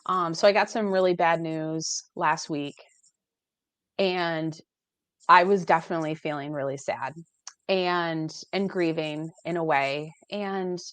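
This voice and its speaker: A woman's voice: low-pitched, steady tone, a little slow, a bit bright, clear, resonant tone, dry recording. An American woman in casual conversation, talking animatedly and acting out quoted dialogue, heard over a video call. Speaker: guest life coach. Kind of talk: casual chat.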